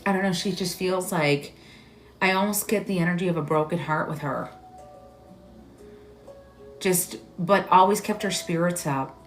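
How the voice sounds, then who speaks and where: A woman hosting a live stream as a psychic medium, giving readings in a halting, searching way full of "like"s and growing emotional. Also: lowish voice, soft background music. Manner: halting, searching delivery with many "like"s; emotional, tearful at moments.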